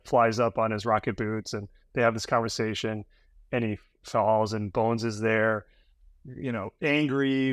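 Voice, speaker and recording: A man's voice: medium pitch, no room sound. A man co-hosting a film review podcast, talking casually with lots of fillers and restarts. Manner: rambling with many fillers. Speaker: podcast co-host.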